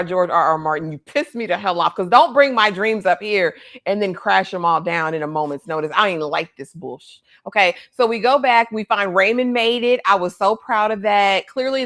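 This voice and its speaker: A woman co-hosting a casual livestream show review, animated and slangy, often acting out the scenes she describes. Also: medium pitch. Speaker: co-host.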